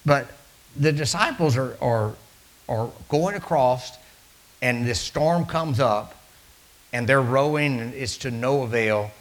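A man preaching a sermon, telling stories and swinging between loud calls and hushed asides. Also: medium pitch, takes it slowly, poor audio.

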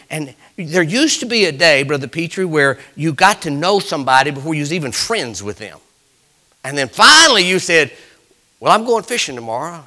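A pastor preaching with a bright, ringing tone. His pitch leaps and dips all over as he tells homespun stories, and he builds up to loud bursts. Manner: folksy storytelling preaching, swelling to shouts. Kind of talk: sermon.

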